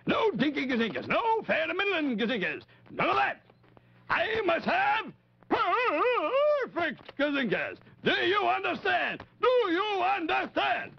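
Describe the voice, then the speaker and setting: A man's voice: extremely high pitch, huge pitch swings, unhurried, vocal fry, pitched above the performer's own voice, exaggerated voice. A man voicing a pompous, blustering male puppet chief on a 1950s children's TV show, bellowing his demands. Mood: demanding. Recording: dull lo-fi 1950s TV audio.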